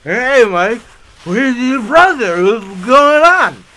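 A man voicing his drunk, stumbling middle-aged father, talking slow and slurred. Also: very high voice, animated, sharp tone, pitched above the performer's own voice, full character voice.

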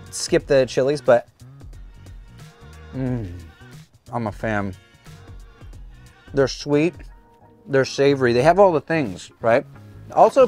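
A man hosting a cooking show, demonstrating a recipe in an upbeat, chatty way that often restarts mid-sentence. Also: on the high side. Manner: upbeat, chatty, self-interrupting.

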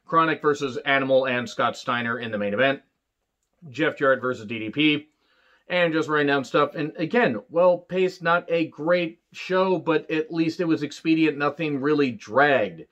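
A man's voice: a little high, fairly bright tone, muffled recording. Blunt, profane man reviewing wrestling. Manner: blunt and profane, with quick mocking impressions. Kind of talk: casual solo review monologue.

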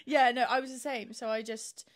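A woman's voice: fairly high pitch, steady tone, normal speed. A woman in her twenties from South Africa, talking as a guest in a casual chat, bubbly and laughing often. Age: 20s. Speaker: podcast guest.

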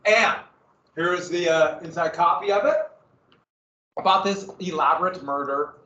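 A man with a fairly high pitch and sharp tone speaks a little slowly while giving an informal, joking slide talk to a small audience in a room. He's chatty and goes off on tangents, captured in a roomy, distant, slightly dull recording.

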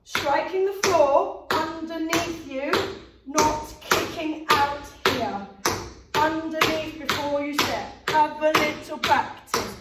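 A woman's voice: sits high, noisy background. A woman teaching a live tap dance class, calling out steps in a sing-song count and praising students by name. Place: dance studio. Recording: echoey room, distant mic, loud music.

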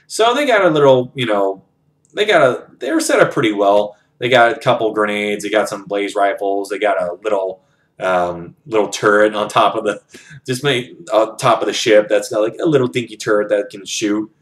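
A man with a fairly low voice, speaking at normal speed, reviews a book by casually retelling the novel in his own words. He rambles and swears freely, narrating the scenes and quoting from them often.

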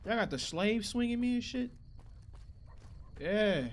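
A young man giving casual, profane gameplay commentary who reacts loudly to the action. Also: sits high, lively intonation, unhurried, a little hiss or hum. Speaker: gaming channel host.

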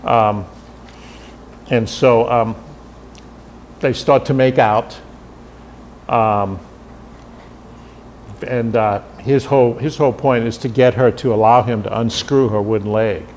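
A male lecturer talks through a story in a seminar, thinking aloud with frequent ums and restarts. His voice sits at an ordinary middle pitch. A faint room ambience hums underneath. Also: fairly even intonation, slow, long pauses, darkish tone, slight background noise. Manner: thoughtful, with frequent fillers and restarts.

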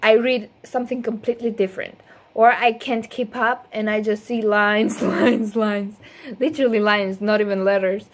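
Before singing a cover, a woman chats casually with her viewers in a steady, mid-range voice at a moderate pace. She rambles, giggles, puts herself down and stumbles over her words.

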